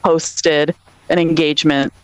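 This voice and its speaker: A woman's voice: sits low, level tone, slow pace, smooth, no echo. A woman co-hosting a casual comedy chat, teasing her partner playfully and laughing often. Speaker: co-host.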